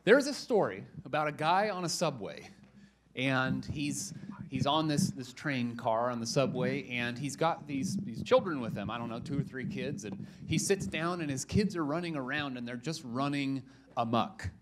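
A man's voice: medium pitch, animated, normal speed, heavy background noise. A young adult man, a pastor, giving a casual, joking sermon in a church and telling a story with lots of restarts.

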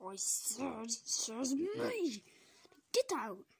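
A woman's voice: high voice, sing-song, drawn-out words, vocal fry, full character voice. A woman voicing a sleepy, grumpy grown man who keeps complaining in exasperation. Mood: annoyed. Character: sleepy grumpy adult male plumber.

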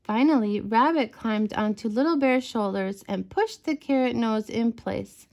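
A woman reading a bedtime story aloud to children, gentle and expressive. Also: on the high side, unhurried, highs cut off.

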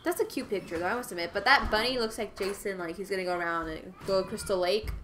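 A woman's voice: medium pitch, fast talker, noisy background. A woman hosting a casual gaming livestream, chatty and upbeat, greeting viewers by name. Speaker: livestream host. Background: game music.

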